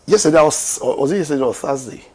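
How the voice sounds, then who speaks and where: A man's voice: fairly high pitch, lively intonation, very fast, a little mellow, husky. A man with a Ghanaian English accent giving political commentary, asking rhetorical questions and turning emphatic.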